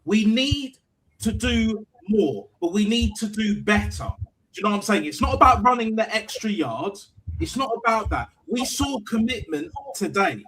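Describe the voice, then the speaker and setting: A man's voice: high-pitched, very animated, moderate pace, a bit bright, rough recording. A man giving an emphatic football fan reaction, hammering his points home with repeated catchphrases. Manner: emphatic, repeats "do you know what I'm saying". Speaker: fan channel host.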